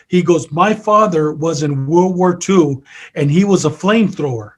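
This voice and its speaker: High-voiced older man telling a story. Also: moderate pace, breathy edge. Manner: earnest, retells with many quoted exchanges. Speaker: peer counselor and author. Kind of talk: storytelling in an interview.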